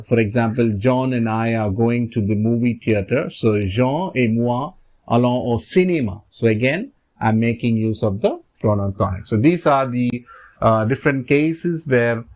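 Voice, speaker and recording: A man's voice: medium pitch, measured pace. A man with an Indian English accent teaching French grammar over slides, patient and repetitive, with many fillers. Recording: slightly dull lo-fi recording.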